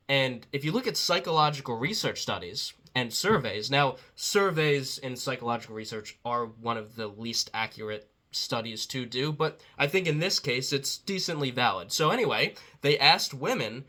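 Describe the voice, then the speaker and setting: A man talking as a dating coach in a casual motivational talk, blunt and profane, quoting others in quick asides. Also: mid-range voice, lively intonation, bright, forceful tone.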